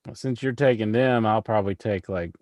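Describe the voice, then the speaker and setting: A man's voice: lowish voice, fairly quick, a little mellow, no echo, studio quality. A man co-hosting a casual wrestling podcast, laid-back and agreeable. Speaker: podcast co-host.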